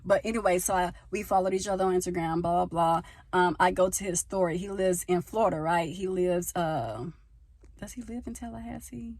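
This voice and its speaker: A young woman from the United States talking casually into a handheld phone, telling a personal story and getting louder as she gets passionate. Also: lowish voice, brisk, few pauses, no room sound. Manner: animated, gets loud when passionate. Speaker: vlogger. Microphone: phone held in hand.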